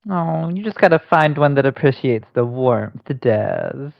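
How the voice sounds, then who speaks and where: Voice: medium pitch, animated, measured pace, gravelly, no room sound. Teasing player, dry and dull-toned. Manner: teasing, playful. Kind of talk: in-character tabletop role-play.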